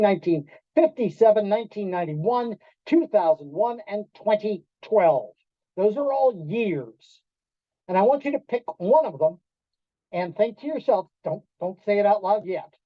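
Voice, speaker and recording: A man giving a storytelling talk to an audience in a restaurant event room, animated, acting out quoted voices and quizzing the listeners. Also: sits high, moderate pace, no echo. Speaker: keynote speaker. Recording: dull lo-fi dry sound.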